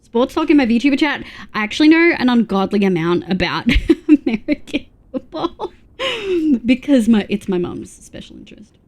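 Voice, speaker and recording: A young woman chatting casually on a live game stream, bubbly and quick to laugh as she reads her chat aloud. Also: a little high, very animated, darkish tone. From Australia. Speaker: VTuber streamer.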